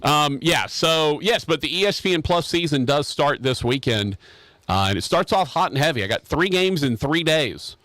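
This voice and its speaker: A man's voice: on the high side, expressive, normal speed, a bit bright. A man hosting a casual sports radio show, rambling and joking with restarts. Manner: rambling, joking, repeats himself. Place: radio studio.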